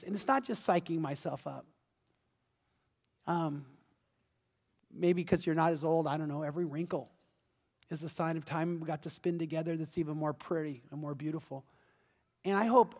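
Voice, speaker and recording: A middle-aged man preaches a sermon, earnest and heartfelt, telling stories with acted-out voices. His voice sits high for a man. The sound carries the long reverb of a church hall. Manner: storytelling, acting out voices in anecdotes. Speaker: pastor.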